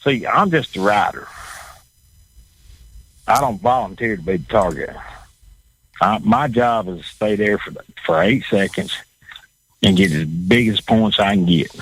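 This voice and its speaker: A man's voice: lowish voice, a bit bright, breathy edge, rough recording. A man with a Southern accent, a former bull rider talking as a guest on a talk show, blunt and profane, often repeating himself. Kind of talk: casual talk show chat.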